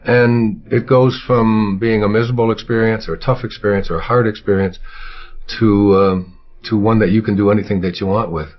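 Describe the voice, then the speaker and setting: An older man with a husky voice, telling childhood stories in an interview, rambling with fillers and restarts. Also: lowish voice, steady tone, fairly quick. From United States. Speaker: interview guest. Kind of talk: reflective storytelling interview. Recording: dull lo-fi recording.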